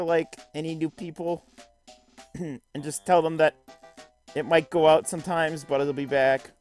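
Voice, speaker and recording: A man's voice: on the high side, flat delivery, moderate pace, darkish tone, soft background music. A man streaming a video game live, joking and self-deprecating as he chats to viewers. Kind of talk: live let's-play commentary.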